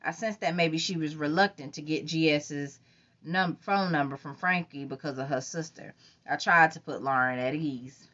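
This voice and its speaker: Woman reading a novel aloud, low and dull. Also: normal speed, fairly bright tone. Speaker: audiobook reader. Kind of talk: first-person novel narration. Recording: dull lo-fi recording.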